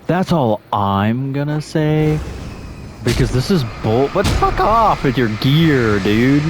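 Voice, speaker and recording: An exasperated man rants and swears at a video game in slow, drawn-out complaints. His pitch leaps wildly between grumbling lows and sudden high yelps. Steady game noise runs underneath his voice. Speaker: gaming streamer. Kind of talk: frustrated let's-play commentary.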